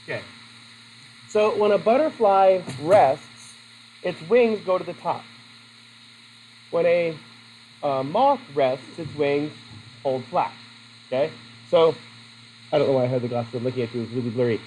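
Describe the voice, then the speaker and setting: A man's voice: fairly high pitch, measured pace, long pauses, a little mellow, slight background noise, low-quality recording. Chatty man teaching a class. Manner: chatty, asks the class questions. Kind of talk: classroom lesson.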